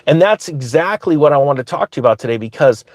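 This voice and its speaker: Animated storytelling man, dry close sound. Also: on the high side, fast talker, no echo. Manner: animated, laughs through his story. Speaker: finance commentator, channel host. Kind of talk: casual storytelling monologue.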